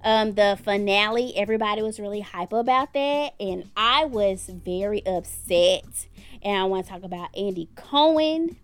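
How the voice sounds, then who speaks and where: An outspoken woman talking through her views in a relaxed, blunt way, with the odd swear word. Her voice sits at an ordinary middle pitch. Faint music plays softly under her. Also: moderate pace, clear, resonant tone. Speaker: podcast co-host. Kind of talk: casual commentary chat.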